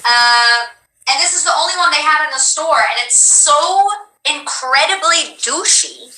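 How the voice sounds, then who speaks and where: A woman's voice: sits high, a little slow, sharp tone, reverberant, recorded from a distance, low-quality recording. A woman streamer chatting casually with a guest, playful and joking.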